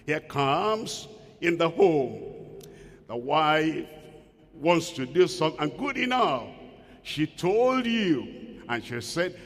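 A man's voice: on the high side, sing-song, slow pace, long pauses. A man preaching a sermon emphatically, asking rhetorical questions and acting out quoted voices. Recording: long hall reverb.

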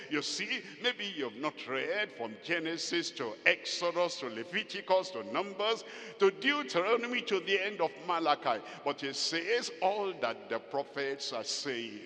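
A man preaching a sermon with emphatic, drawn-out phrasing and sudden loud rises. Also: fairly high pitch, big pitch swings, long reverb tail.

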